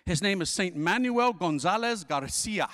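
Man, forties, Catholic priest, fiery slangy preaching, high voice, reverberant hall. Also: animated, normal speed, fairly bright tone. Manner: slangy, emphatic, rhetorical questions. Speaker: Catholic priest giving a conference talk. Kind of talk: energetic preaching.

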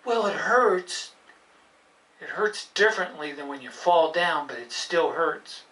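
A woman voicing a cheerful, excitable young male puppet dog in a live puppet show, talking to the kids. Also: low voice, a little slow. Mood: hurt. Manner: bouncy, exclaiming, talks to the kids. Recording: roomy, from a distance.

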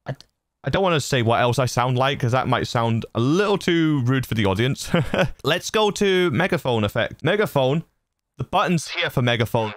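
A man's voice: medium pitch, animated, moderate pace, no echo. A man casually walking through voice effects on his audio mixer, chatty and laughing at his own silliness, on a studio broadcast mic. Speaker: host demonstrating audio gear. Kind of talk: casual tutorial walkthrough.

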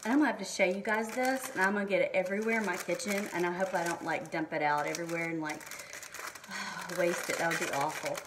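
A middle-aged woman, chatting excitedly in a home kitchen as she unboxes beauty products, reading labels aloud with lots of ums. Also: fairly low pitch, fast talker, far from the mic, a little hiss or hum. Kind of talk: casual haul and unboxing chat.

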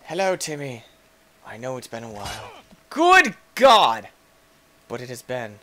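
A young man giving excitable let's-play commentary as a gaming YouTuber, yelping and shrieking when things go wrong. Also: mid-range voice, a little fast. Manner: excitable, yelps and shrieks at in-game deaths.

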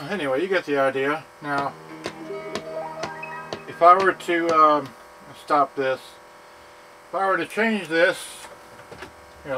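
A man casually demonstrating a serviced stereo, talking in halting bits as he thinks aloud and works the gear. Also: a little high, pushed and bright, rough recording.

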